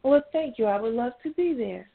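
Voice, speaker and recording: A woman's voice: on the high side, expressive, normal speed, creaky, breathy edge. A woman guest on a call-in show, giving brief gracious answers over a phone line. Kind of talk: call-in interview.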